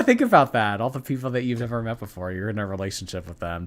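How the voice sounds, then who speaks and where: A man's voice: lowish voice, expressive, normal speed. A man hosting a live stream, commenting casually and reading out viewer messages in a rambling, chatty way.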